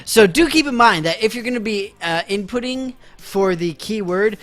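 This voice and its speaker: A man's voice: sits high, expressive, moderate pace, few pauses, fairly bright tone. A man live-streaming a video game, chatting casually and mocking himself to his viewers while he plays.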